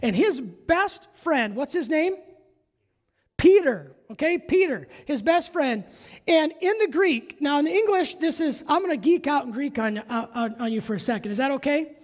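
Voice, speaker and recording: A woman's voice: sits high, expressive, moderate pace, darkish tone. A woman pastor preaching a sermon in a church, often asking her congregation questions. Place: church sanctuary. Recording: long church reverb.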